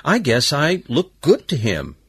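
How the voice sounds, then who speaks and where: Guy voicing a proud petty crook playing cop, husky, pitch jumping all over. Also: huge pitch swings, measured pace, heavily acted. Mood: pleased. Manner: proud and earnest. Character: small-time male pickpocket posing as policeman.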